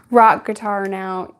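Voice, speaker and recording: A young woman YouTuber answering viewer questions in a candid, chatty way, laughing often. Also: mid-range voice. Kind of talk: casual Q&A chat.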